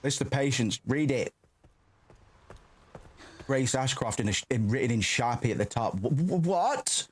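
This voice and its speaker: A man's voice: medium pitch, normal speed, long pauses, a little hiss or hum. A man hosting a gaming stream, chatting casually and rambling with offhand swearing while he plays. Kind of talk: casual let's-play commentary.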